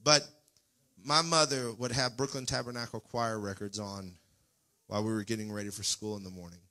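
A man's voice: lowish voice, steady tone, a little fast, a bit bright. A man pastor preaching a Pentecostal sermon in a church, folksy and fervent, at times rising into near-singing cries. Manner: folksy, talks straight to the congregation. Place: church sanctuary.

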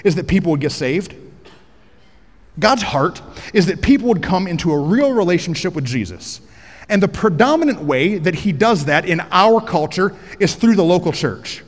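A pastor preaching a sermon on a headset mic in a large church auditorium, energetic and joking, rising to shouts for emphasis. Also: male voice, high-pitched, normal speed, big-room sound.

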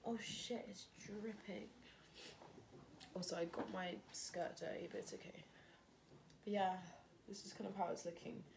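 A young adult fashion design student narrates a casual vlog while crafting, thinking aloud and often joking at her own expense. Her medium-pitched voice is steady and creaky at a measured pace, with long pauses over a noisy background.

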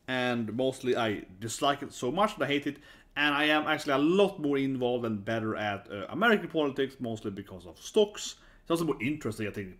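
Swedish man rambling casually to camera. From Sweden. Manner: rambling, with frequent "right?" tags and restarts; gets louder and higher when amused. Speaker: vlogger.

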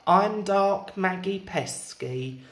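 A man voicing a dark female villain, speaking slowly and flatly as he announces her plans. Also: high voice, full character voice. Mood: announcing. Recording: echoey room.

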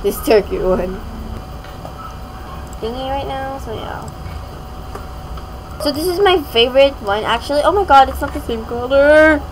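A woman's voice: high voice, expressive, a little slow, long pauses, background noise. A young woman giving casual gameplay commentary as a gaming YouTuber, rambling and giggly with many fillers.

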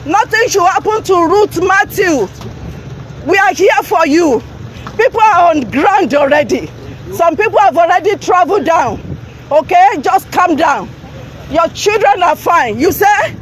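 A Nigerian woman live-streaming from her phone outdoors, shouting and confronting people, repeating herself urgently. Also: very high voice, expressive, measured pace, some chatter behind, slight background noise, low-quality recording. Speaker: livestreamer confronting officials. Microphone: phone held while live streaming.

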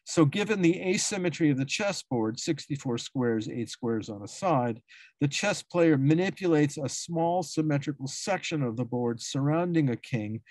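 A man reads an academic paper aloud at a symposium, his voice sitting a little high for a man. The sound is dry and close, with no room around it. He reads long, dense sentences and often stumbles, breaks off and corrects himself mid-word. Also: animated, moderate pace, a little mellow, no echo. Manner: reads dense prose with frequent self-corrections and restarts. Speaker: academic speaker. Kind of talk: reading a prepared academic paper.

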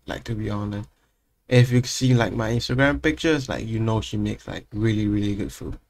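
A man's voice: on the low side, normal speed, creaky, darkish tone. A man hosting a reaction video, chatting casually in a laid-back way with lots of fillers.

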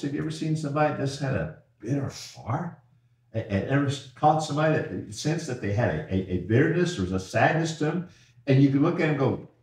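A man preaching an evening sermon as pastor, folksy, repeating words and slowing down on key phrases. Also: mid-range voice, distant mic. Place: church sanctuary. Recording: echoey church from afar.

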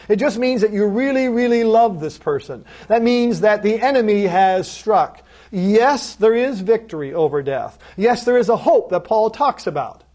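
A seminary lecturer with a high-pitched voice delivers a recorded course lecture emphatically. He poses rhetorical questions and answers them himself, slowing right down and dropping softly on key phrases.

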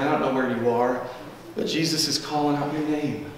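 Male pastor, sermon, earnest chatty delivery, higher voice, reverberant church hall, slightly off-mic. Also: fairly even intonation, moderate pace, distant mic. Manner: earnest, conversational preaching with repeated asides. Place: church sanctuary.

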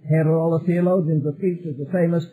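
A man's voice: a little high, little pitch movement, quick pace, phone-quality sound. A male preacher delivering a sermon emphatically, building repeated phrases toward a climax.

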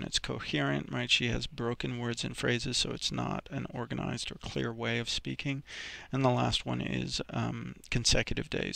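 A man's voice: mid-range voice, vocal fry, sharp tone, dry recording. A man teaching a recorded vocabulary lesson, explaining each example step by step with many ums and restarts.

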